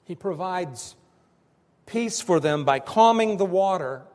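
A man preaching a sermon in slow, emphatic phrases that swell and drop with pauses between them. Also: high-pitched, lively intonation, darkish tone, long reverb tail. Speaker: pastor.

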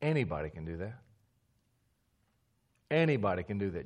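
A man preaching a teaching sermon, emphatic, repeating key phrases and dropping to a low hush for stress, with a few stammers. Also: big pitch swings, normal speed, long pauses.

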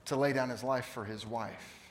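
Animated fifty-something preacher in a hall. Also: male voice, medium pitch, normal speed. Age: 50s. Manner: animated storytelling, swings from loud to hushed. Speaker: pastor. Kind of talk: sermon. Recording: long reverb of a large hall.

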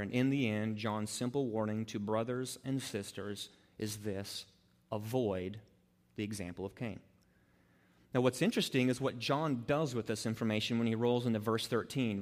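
A man preaching a sermon as a pastor, animated and acting out the people he quotes. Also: medium pitch. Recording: long hall reverb.

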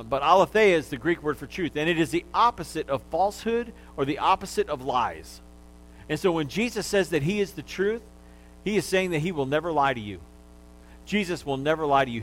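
A man's voice: mid-range voice, slight background noise, rough recording. A male pastor preaching a sermon, teaching in an easy manner, getting listeners to repeat words after him and joking along the way.

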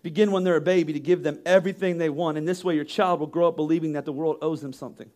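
A man's voice: on the high side, steady tone, racing, darkish tone. A man in his thirties preaching a sermon, emphatic and rhetorical, often acting out the voices of the people he quotes. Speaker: pastor.

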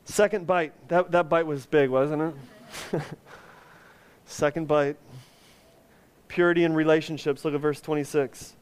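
A man's voice: on the high side, steady tone, unhurried, long pauses, clear, resonant tone. A male pastor preaching a sermon, earnest and conversational with touches of humor.

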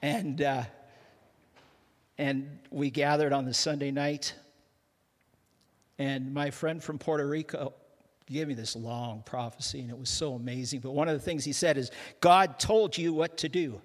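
An older man from Canada preaches to a church congregation with an easygoing, self-mocking humor. His voice sits at a middle pitch and trips over quick restarts. The sound carries a long reverb from the large hall. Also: fairly even intonation. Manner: self-deprecating, joking, with frequent restarts. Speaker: guest pastor. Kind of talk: humorous sermon.

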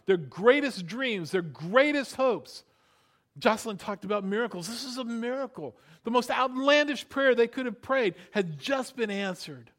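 A man preaching a sermon, animated, building up loud then dropping to hushed emphasis, and having the congregation repeat words after him. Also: sits high. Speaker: pastor.

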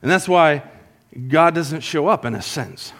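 A man preaching at a church service, with a bright, forceful voice that sits a little high for a man. He tells his illustration with lively acted-out quotes, swinging between quiet asides and excited outbursts. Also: unhurried. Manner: animated storytelling with acted-out quotes. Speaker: pastor. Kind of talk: sermon.

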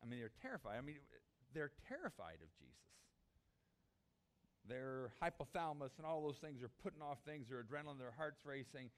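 A man preaching a sermon, animated, acting out the disciples' desperate cries. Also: mid-range voice, fairly quick. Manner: animated, acts out voices of the disciples. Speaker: pastor.

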